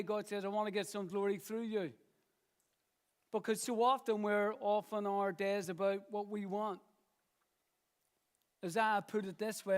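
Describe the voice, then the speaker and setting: A middle-aged man preaching a sermon in church, earnest and repetitive, slowing down to stress phrases. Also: high voice, smooth. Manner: earnest, repeats phrases, slow emphatic pauses.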